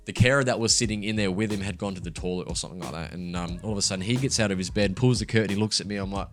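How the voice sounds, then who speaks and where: A young man with a fairly low voice talks candidly in a relaxed podcast chat. He swears freely and laughs as he speaks, with faint music behind him. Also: rapid-fire. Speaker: podcast co-host. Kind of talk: casual chat.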